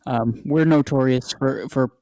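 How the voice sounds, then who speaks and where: Male podcast host, Maine accent, mid-pitched, easygoing. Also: unhurried, warm tone, no echo. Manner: easygoing, laughs, lots of "yeah". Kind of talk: casual podcast chat.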